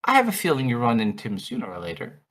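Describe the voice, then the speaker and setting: Secretive male envoy, as a game master puts him on, soft, hesitant, coaxing, animated pitch. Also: quick pace. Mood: earnest. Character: secretive, smooth-talking male envoy of a royal family. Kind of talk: in-character tabletop role-play.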